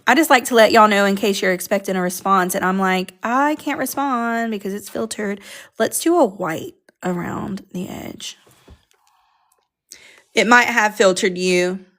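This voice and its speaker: Woman, art teacher, casual live-stream chat, middle pitch. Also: moderate pace, fairly bright tone. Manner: chatty, talks to viewers while working. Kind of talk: casual live coloring class.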